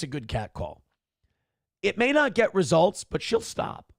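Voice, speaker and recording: Sardonic man host, lively voice, dry sound. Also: unhurried, vocal fry, no room sound. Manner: sardonic, mock-indignant, swears freely; puts on a high sing-song voice for quoted lines. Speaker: show host reading viewer chat. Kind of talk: casual chat, reading comments aloud.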